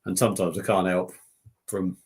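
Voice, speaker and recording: A man's voice: low voice, little pitch movement, normal speed, a little mellow. Give me a jokey, rambling man from southern England hosting a casual live chat. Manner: rambling, jokey, laughs often. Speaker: beer review channel host.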